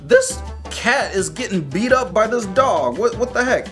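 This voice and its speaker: Animated young man doing game commentary. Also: sits high, unhurried, soft background music. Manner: animated, joking reactions with sound effects. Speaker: YouTuber playing a mobile game. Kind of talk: casual gameplay commentary.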